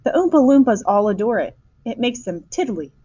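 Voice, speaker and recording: A woman voicing a brisk, eccentric male chocolate maker who hurries everyone along, reading a storybook aloud. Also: on the high side, big pitch swings, warm tone, breathy edge, highs cut off, pitched above the performer's own voice. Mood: brisk cheer.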